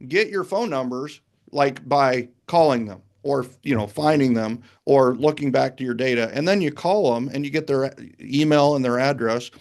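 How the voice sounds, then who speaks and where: A man hosting a podcast interview in casual, energetic talk, hyping up his guest. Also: medium pitch, normal speed. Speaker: podcast host.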